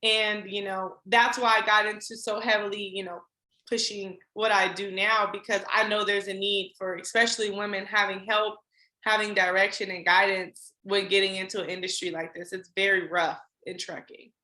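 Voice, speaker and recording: Animated woman telling her story, bright voice. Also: mid-range voice, echoey room, poor audio. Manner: animated, acts out her past self with quick voiced asides. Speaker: podcast guest, trucking business owner. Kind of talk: candid storytelling interview.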